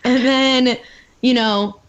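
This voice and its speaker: Chatty young woman, slightly high voice. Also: fairly even intonation, slow pace, clear, resonant tone. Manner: chatty, peppered with "like". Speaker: podcast co-host. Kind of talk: casual chat recapping a reality show. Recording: dull lo-fi audio.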